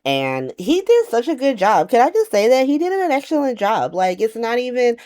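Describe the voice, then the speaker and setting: A woman giving a casual, slangy recap to camera, animated and profane, often laughing and slipping into quick playful voices. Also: on the high side. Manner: does quick playful voices for quoted characters. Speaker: soap opera recap vlogger.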